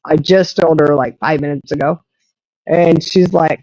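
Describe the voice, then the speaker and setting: Woman, live stream host, animated storytelling, acts out dialogue, muffled lo-fi audio. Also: on the low side, normal speed, no echo. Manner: animated storyteller who acts out others' lines. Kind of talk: casual storytelling chat.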